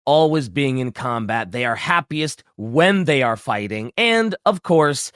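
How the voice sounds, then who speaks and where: A man's voice: mid-range voice, measured pace, dry recording, studio quality. A man hosting a casual chat who talks in a rambling way, full of fillers. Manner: animated, rambling, with many fillers. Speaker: podcast host.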